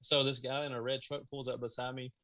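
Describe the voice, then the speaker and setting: A man from Mississippi in his thirties with a Southern accent, a guest on a video call, telling a story in a casual, animated way. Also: mid-range voice, a little fast. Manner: animated storyteller, acts out his own past lines. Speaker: guest, car audio business owner.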